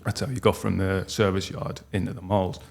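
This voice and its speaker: A man, telling a personal story as a podcast guest in a halting, heartfelt way with many restarts. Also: low voice, level tone, creaky. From North East England. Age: 40s.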